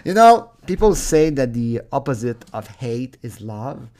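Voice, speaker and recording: A man's voice: mid-range voice, a little slow, mellow. A man ranting angrily on his own channel, swearing often, tripping over his words and breaking into laughter. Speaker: vlogger. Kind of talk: profane comedic rant.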